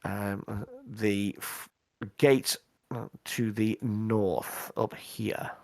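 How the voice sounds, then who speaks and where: Slow-talking man running a game. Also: fairly low pitch, steady tone, vocal fry, darkish tone, dry recording. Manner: hesitant, full of ums and restarts. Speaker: game master. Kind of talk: narrating a tabletop game.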